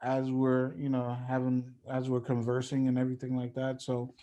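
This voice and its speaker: A young man, a guest musician, talking in a relaxed, loose podcast chat and leaning on "like" and "you know". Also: medium pitch, moderate pace, dull audio. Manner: laid-back, heavy on "like" and "you know".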